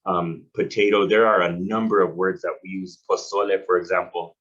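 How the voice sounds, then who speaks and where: A man's voice: low-pitched, flat delivery, normal speed, fairly bright tone. A man giving a public lecture, explaining things steadily and often restarting his phrases. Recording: dull, lo-fi lecture recording.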